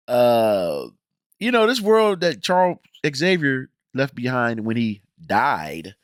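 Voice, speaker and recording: A man reviewing a show in an animated, exasperated rant, blunt and full of slang. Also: medium pitch, moderate pace, no room sound, clean studio sound. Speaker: video reviewer.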